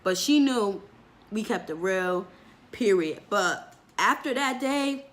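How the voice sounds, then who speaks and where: A young woman vlogger telling a story from her life in a casual, animated way, with lots of "like" and acted-out voices. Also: mid-range voice, takes it slowly. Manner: animated storytelling, fillers with "like", acts out quoted voices.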